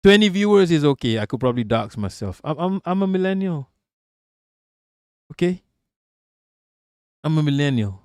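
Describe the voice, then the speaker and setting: A man's voice: fairly high pitch, expressive, normal speed, pauses often, a little mellow, clear, resonant tone, no room sound, clean studio sound. A man streaming live, reading chat aloud and answering it in a casual, profane, joking way.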